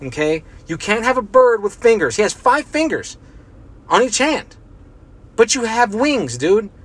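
With a high-pitched, sing-song, slightly rough voice and a fairly bright tone, this young man hosts a solo podcast at a measured pace. His casual chat rambles along, full of profanity and filler words.

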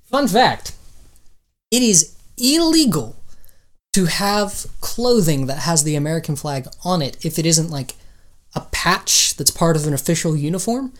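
A woman co-hosting a comedy podcast, riffing in casual banter with a wry, deadpan delivery. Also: sits low. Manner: wry, deadpan, riffs into silly accents. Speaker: podcast co-host.

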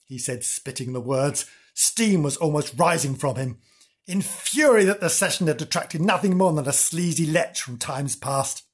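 A man's voice: mid-range voice, normal speed, breathy edge. A man narrating his own story in a wry, scripted first-person telling with dry humour.

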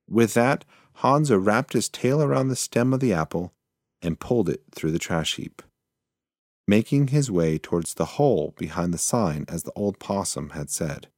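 Lively low-voiced man reading a story. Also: no room sound, studio quality. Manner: slow, measured reading. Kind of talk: storybook narration.

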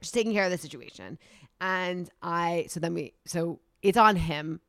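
A woman's voice: on the low side, normal speed, no room sound, clean studio sound. A young woman co-hosting a podcast, telling a rambling story full of "like" and "you know" in casual chat. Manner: rambling, filler-heavy storytelling with lots of "like". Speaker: podcast co-host.

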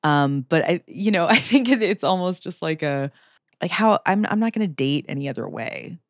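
A woman's voice: on the low side, expressive, moderate pace, dry recording, studio quality. A woman in her thirties, a podcast guest, talking casually in an interview, often laughing and restarting her sentences. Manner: chatty, laughing, many fillers and restarts.

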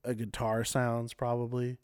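A man's voice: medium pitch, monotone, unhurried, darkish tone, smooth, dry recording, studio quality. A man co-hosting a podcast, casually explaining singing techniques and often trailing off. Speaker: podcast co-host. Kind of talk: casual chat about singing.

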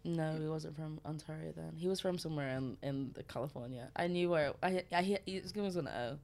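A woman co-hosting a podcast, chatting casually and telling stories with quick asides. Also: low voice, gravelly, darkish tone. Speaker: podcast co-host. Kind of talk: casual chat.

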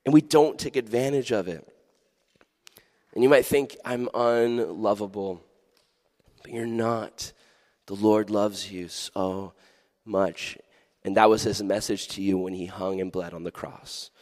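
A man's voice: on the low side, unhurried, darkish tone, long reverb tail. A man preaching a youth sermon as a pastor, playful and jokey, with sudden earnest drops.

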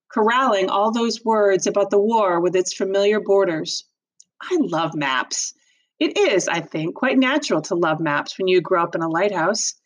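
Woman teacher, expressive read-aloud storyteller, casual asides. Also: medium pitch, slightly rough. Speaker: teacher reading a book aloud.

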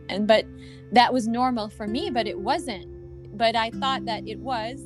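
A woman's voice: a little high, fairly even intonation, normal speed, over music. A woman podcast host and healing coach in casual conversation, rambling and searching for words with lots of fillers, laughing easily.

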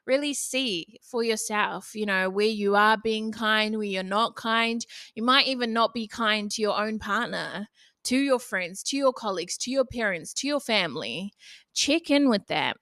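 A woman's voice: medium pitch, unhurried, pushed and bright, no echo. Young NZ-woman, podcast host, frank and sweary, dry sound. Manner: blunt, casual, swears freely. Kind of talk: motivational solo podcast talk.

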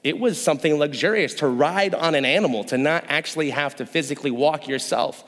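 Man, young adult, pastor, playful joking sermon, slightly high voice, long hall reverb. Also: a little fast, a bit bright. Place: church hall.

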